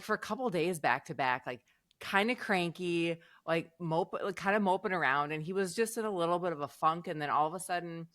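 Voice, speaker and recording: A woman's voice: sits low, fairly bright tone, no room sound, studio quality. A woman in a casual podcast chat, telling upbeat anecdotes and laughing as she talks. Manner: upbeat storyteller, laughs while talking.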